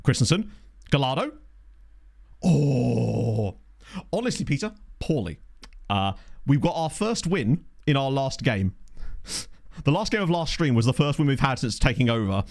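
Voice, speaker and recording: A man giving chatty, excitable live commentary on a football management game he is playing. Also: mid-range voice, unhurried, creaky, long pauses. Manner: excitable, chatty, thinks aloud. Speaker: video game streamer.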